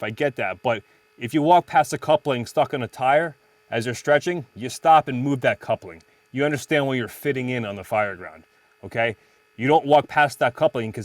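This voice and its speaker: A man's voice: mid-range voice, brisk, no room sound. A man, a firefighter on a casual panel, talking passionately and driving home points with emphatic stresses. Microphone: phone in an audio chat room.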